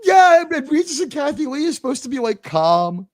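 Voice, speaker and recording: American man, talk show host, high voice, rambling stories, dry close sound. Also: a little fast, no echo. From United States. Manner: rambling, animated storytelling with frequent fillers. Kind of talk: casual live talk show chat.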